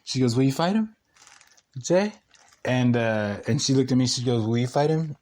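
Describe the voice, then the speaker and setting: A man voicing a pushy middle-aged woman landlord who goads and mocks in a high voice. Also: expressive, normal speed, a little mellow, close to an everyday voice. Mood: goading. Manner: mocking, goading, high-pitched.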